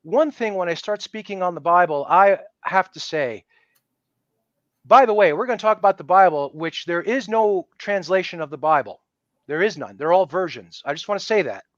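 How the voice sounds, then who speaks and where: A man with a high-pitched voice talks as a guest in a casual interview. He is emphatic and animated, and he slips into the voices of the people he quotes. The sound is dry and slightly dull, like a lo-fi recording. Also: normal speed, no echo. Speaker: podcast guest.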